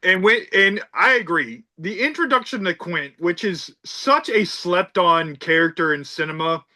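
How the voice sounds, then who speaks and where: A man's voice: sits high, expressive, unhurried, sharp tone. A man hosting a casual podcast about a film, talking emphatically and tossing out rhetorical asides. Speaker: podcast host.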